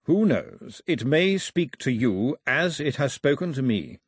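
A man voicing a newly crowned king who speaks in a slow, deliberate, commanding way, in an audiobook reading. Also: medium pitch, very animated, slightly rough, no echo, clean studio sound, voice pushed up. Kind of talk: audiobook character voice.

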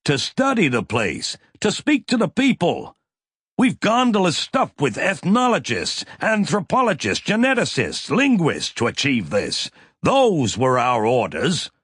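Gruff male crewman, growling, snapping, heated, husky, read by a man. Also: a little high, wildly swooping pitch, unhurried, fairly bright tone, no echo, studio quality, pitched above the performer's own voice, heavily acted. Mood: indignant.

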